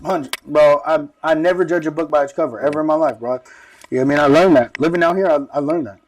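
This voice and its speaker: A man's voice: on the high side, quick pace, darkish tone, distant mic. A man, telling his life story as an interview guest in profane, slangy, rambling talk. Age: 30s. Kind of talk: casual street-talk storytelling.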